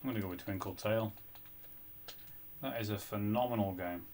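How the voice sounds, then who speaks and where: A man's voice: lowish voice, moderate pace, darkish tone, slight background noise. Mumbling man streaming games. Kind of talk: casual live-stream chat while gaming.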